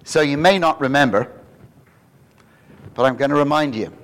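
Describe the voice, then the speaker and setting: A man preaching a lively expository sermon to a congregation, often asking them questions. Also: medium pitch, moderate pace, low-quality recording.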